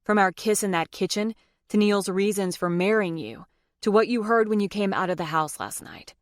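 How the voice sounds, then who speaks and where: A persistent, wry male lawyer, read by a woman in her own mid-range voice, calm and earnest with a teasing streak. The audiobook read is close and completely dry. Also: medium pitch, normal speed, dry recording, close to an everyday voice.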